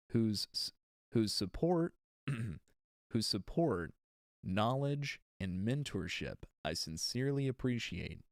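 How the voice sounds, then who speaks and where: A man's voice: fairly low pitch, gravelly, no room sound, studio quality. A man recording an audiobook on a livestream, reading with retakes and chatting with exasperated asides in between. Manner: reads slowly with retakes, chats with exasperated asides. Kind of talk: casual livestream chat between reading takes.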